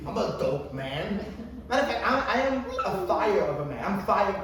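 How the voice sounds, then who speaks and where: Man, 30s, first-time stand-up comic; loose, filler-heavy storyteller with a lively, high voice; distant mic, roomy coffee-shop echo. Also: moderate pace, crowd noise. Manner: rambling, filler-heavy, swearing, animated storytelling. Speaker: stand-up comedian. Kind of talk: stand-up comedy routine. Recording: echoey distant room recording with ambient noise.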